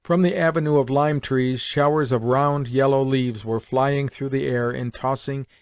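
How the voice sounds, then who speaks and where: A man's voice: medium pitch, fairly even intonation, moderate pace, smooth, no room sound, clean studio sound. Man reading an audiobook. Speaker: audiobook narrator. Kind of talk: audiobook narration.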